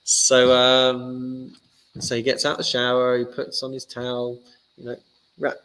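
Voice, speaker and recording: A man, a rabbi giving a casual teaching talk and telling stories lively, acting out the characters. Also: mid-range voice, unhurried, clear, resonant tone, poor audio.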